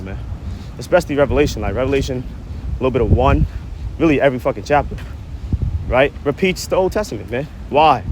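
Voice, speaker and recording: A man preaching scripture outdoors in a mid-pitched voice, short of breath and blunt. He reads a verse, then breaks it down in profane slang. Faint traffic hums behind him. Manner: keeps tagging lines with "man" and "right?". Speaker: religious commentator. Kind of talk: preachy street-corner scripture commentary.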